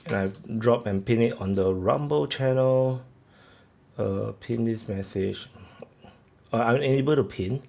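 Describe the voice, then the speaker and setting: A man hosting a live stream chats with viewers in an unhurried, rambling way, leaning on fillers and restarts to fill the gaps. His voice is medium-pitched and darkish, with vocal fry.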